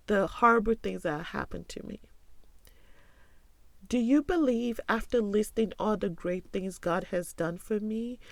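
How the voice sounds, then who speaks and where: Heavily gravelly woman podcast host. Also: mid-range voice, dry recording. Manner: earnest and confiding, often asks "right?" and "you know". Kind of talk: candid podcast monologue.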